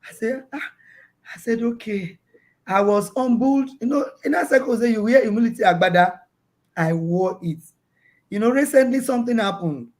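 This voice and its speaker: A woman's voice: on the high side, normal speed, a little mellow. A woman talking in a casual interview over a video call, telling stories about her children, acting out their voices and often repeating words while she searches for them. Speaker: guest parent.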